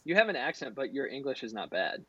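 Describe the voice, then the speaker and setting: A man's voice: medium pitch, sing-song, fast talker, bright, forceful tone, slightly rough, no room sound, lo-fi sound. A man with an Ohio accent hosting a podcast, chatting and joking in an easygoing way. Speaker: podcast host. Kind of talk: casual podcast chat.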